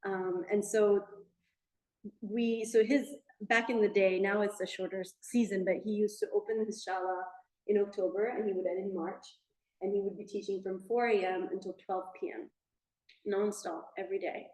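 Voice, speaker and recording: A woman with a mid-pitched voice reflects on her memories in a soft, thoughtful way and sometimes stops to restart a sentence. Her voice carries the echo of a roomy studio. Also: level tone, moderate pace. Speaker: teacher speaking at a memorial gathering. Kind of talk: casual personal reflection. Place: yoga studio, indoors.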